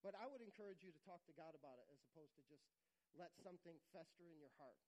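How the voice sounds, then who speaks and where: A man preaching a sermon, earnest and repetitive, sometimes dropping to a quiet, intimate tone. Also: a little high, expressive, fast talker, poor audio. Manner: earnest, repeats phrases for emphasis, drops to quiet intimate tones. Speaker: pastor.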